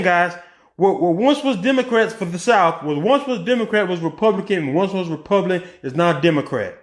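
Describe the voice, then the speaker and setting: A man giving casual political commentary in a vlog, talking in an animated way with rhetorical questions and many restarts. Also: high-pitched, reverberant. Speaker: vlogger.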